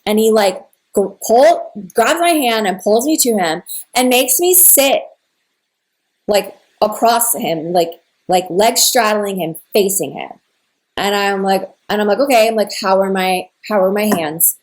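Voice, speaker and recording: A woman's voice: mid-range voice, unhurried. A young woman telling a personal story in a casual, rambling way, full of "like" and emotional retellings of a conversation. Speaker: spiritual content creator.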